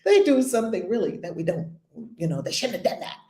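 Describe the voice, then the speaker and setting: Woman spiritual teacher, earnest, emphatic, repeats herself, lowish warm voice. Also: expressive, fast, echoey room, slight background noise. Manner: conversational with playful asides. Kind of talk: spiritual lesson talk.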